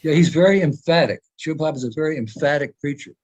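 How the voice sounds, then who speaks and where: Talking very fast in a fairly high voice, an older guest speaker on a video call comes across as earnest and emphatic, drifting from thought to thought and frequently starting over. His tone is darkish and the highs are cut off.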